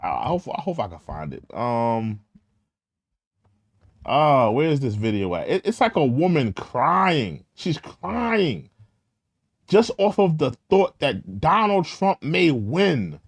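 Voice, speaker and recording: A man's voice: a little high, big pitch swings, slow, no room sound. A young man hosting an opinionated commentary show, ranting in an indignant, repetitive way. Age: young adult.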